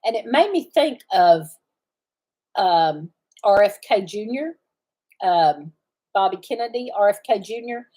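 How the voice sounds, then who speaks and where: A middle-aged woman with a drawl talks casually to her livestream viewers from the farm. Her speech rambles from thought to thought, with frequent pauses while she searches for a word. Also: mid-range voice, expressive, warm tone. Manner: rambling, often searching for words. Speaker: farm channel host.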